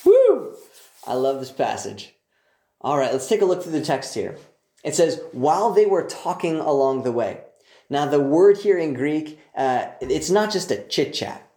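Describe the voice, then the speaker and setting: A man's voice: on the high side, animated, normal speed, warm tone. A man teaching a Bible passage in a casual, enthusiastic way, full of joking asides. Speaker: preacher. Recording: roomy echo.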